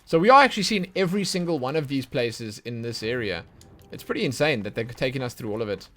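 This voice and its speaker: A man chatting excitedly and thinking aloud while he streams himself playing a video game. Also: medium pitch, fast talker. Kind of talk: casual let's play commentary.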